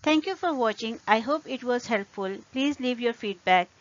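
A woman teaching an English pronunciation lesson, speaking deliberately and repeating example words carefully. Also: on the high side, animated, lo-fi sound.

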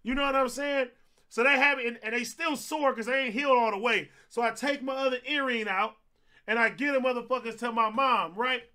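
A young man from Compton, a streamer host telling a story in an animated, profane way and acting out what people said. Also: extremely high pitch, a little fast. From Compton, California. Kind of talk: casual storytelling on a livestream.

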